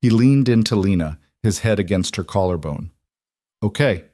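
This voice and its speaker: Male narrator for a dramatic story, low pitch, measured, dry. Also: expressive, warm tone, dry recording.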